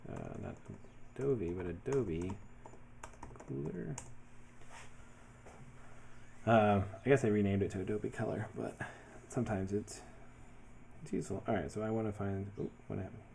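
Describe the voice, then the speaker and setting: A man talking casually through his design work as he goes, thinking aloud in a relaxed way with many fillers. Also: on the low side, normal speed, vocal fry, pauses often, slight background noise. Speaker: web developer building his portfolio. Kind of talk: casual screen-share commentary.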